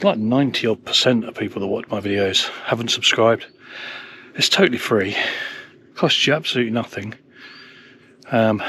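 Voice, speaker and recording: Slightly breathless after hiking, a man chats to his camera from a snowy hillside where he's wild camping, poking fun at himself along the way. His mid-range voice has a fairly bright tone, and there's slight background noise.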